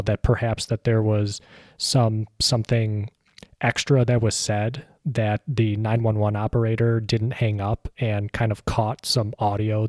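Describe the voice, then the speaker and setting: A man's voice: on the low side, darkish tone, no room sound, studio quality. A man interviewing podcast hosts, asking a long, meandering question in a casual way.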